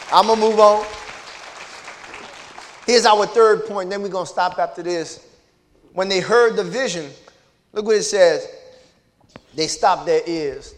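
A man's voice: high-pitched, long reverb tail. A man preaching a sermon, sprinkling his points with hallelujahs and amens and calling out to the congregation. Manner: call-and-response preaching with frequent hallelujahs and amens. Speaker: pastor. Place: church sanctuary.

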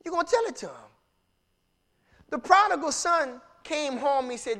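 Animated high-voiced preacher man. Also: moderate pace, pauses often. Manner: animated preaching, rising to shouts and dropping low. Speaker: pastor. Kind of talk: sermon.

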